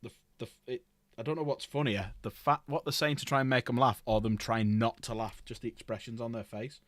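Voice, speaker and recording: A British man talking fast in a casual co-hosted chat, chatty and given to casual swearing. His voice sits at a middle pitch and is recorded dry, with no room sound. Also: fairly even intonation, dry recording. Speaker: co-host.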